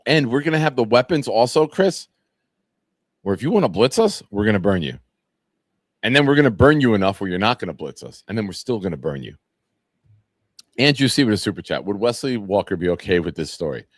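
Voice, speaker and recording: Rambling low-voiced host, dry close mic. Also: male voice, big pitch swings, brisk, no echo. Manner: rambling storyteller, loose and profane. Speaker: sports show host. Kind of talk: casual live-stream chat reading fan comments.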